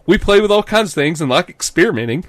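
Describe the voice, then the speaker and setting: A squealing hyped bro collector. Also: male voice, high-pitched, animated, no room sound, pitched above the performer's own voice. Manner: squealing, rapid, bro-speak. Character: pushy hyper young male game collector.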